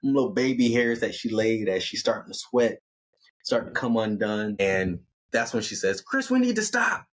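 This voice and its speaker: A man telling a story in a casual, conversational way, acting out the characters with lively delivery. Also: on the low side, normal speed. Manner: conversational, animated, acts out characters.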